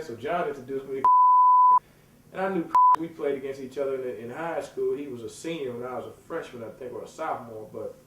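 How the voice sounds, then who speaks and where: A man who coaches youth basketball, telling a long story in a casual, animated way and acting out the voices of the people in it. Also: mid-range voice, heavy background noise. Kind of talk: storytelling interview. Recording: echoey room, slightly distant mic, music behind.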